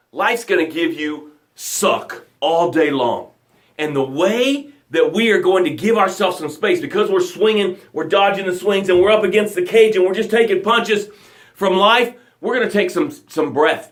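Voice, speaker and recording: A man hosts a live motivational show in a fairly high voice. He preaches with dramatic, energetic emphasis and chanted phrases. Now and then he slows and sinks to a near whisper to drive a point home.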